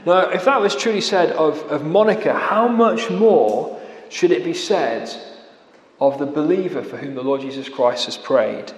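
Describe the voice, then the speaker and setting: A man preaching a sermon, earnest, slowing down to stress key words and dropping to a quiet voice at the ends of phrases. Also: on the high side, animated. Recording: echoey hall with long reverb.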